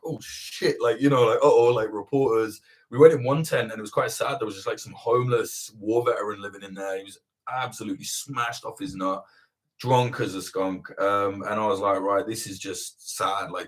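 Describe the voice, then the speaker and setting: Sweary man rambling through an anecdote. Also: lowish voice. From England. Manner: rambling, sweary, laughing anecdotes with many fillers. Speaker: journalist and channel host. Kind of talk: casual livestream Q&A storytelling.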